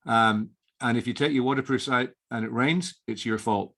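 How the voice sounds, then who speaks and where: A man's voice: medium pitch, moderate pace, creaky, a bit bright. A middle-aged man, an inn owner, chatting as a guest in a casual interview, rambling with many restarts and fillers.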